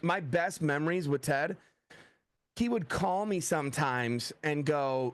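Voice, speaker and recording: Animated middle-aged male storyteller. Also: a little high, moderate pace, dry recording. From USA. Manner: animated storyteller, acts out quoted dialogue, frequent "like". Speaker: thriller author guest. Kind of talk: casual interview talk.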